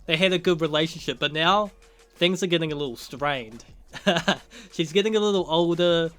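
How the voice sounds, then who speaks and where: A man's voice: a little high, moderate pace, fairly bright tone, faint music behind. A man casually recapping and reviewing a TV episode, rambling and swearing freely, often chuckling.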